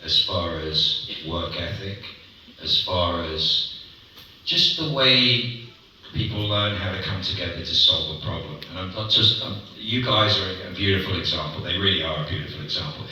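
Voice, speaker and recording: A man's voice: sits low, normal speed, bright, forceful tone. An older man, a guest on a convention panel, telling jokey stories and laughing often. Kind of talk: panel Q&A chat. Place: large convention hall. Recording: echoey hall, distant mic, noisy.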